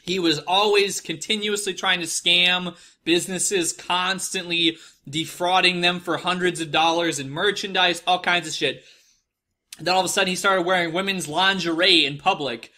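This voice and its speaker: A young podcast host with a Midwestern American accent rambles through stories in a casual, profane monologue, often mocking people with put-on voices. His voice sits high with a sharp tone, fairly even intonation, and a moderate pace.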